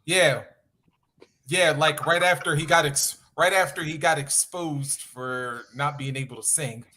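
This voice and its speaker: A man's voice: a little high, unhurried, sharp tone. A man co-hosting a podcast, adding facts in a laid-back, easygoing way. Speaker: podcast co-host. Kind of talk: casual chat about pro wrestling.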